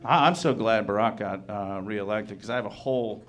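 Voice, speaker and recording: A young man doing a stand-up comedy set, loud and animated, laughing through his punchlines. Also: lowish voice, normal speed.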